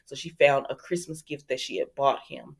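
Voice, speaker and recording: A woman hosting a casual recap channel, retelling a soap episode in an animated, chatty way, talking straight to her viewers and acting out the characters' lines. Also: very deep voice, moderate pace, vocal fry. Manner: animated storytelling, talks straight to viewers, acts out quotes. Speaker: soap opera recap host.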